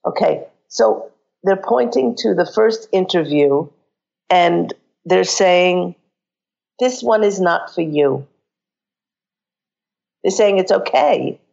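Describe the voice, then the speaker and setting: A woman with a croaky voice giving psychic readings on a call-in radio show, earnestly guiding listeners through exercises. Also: lowish voice, a little mellow, muffled recording.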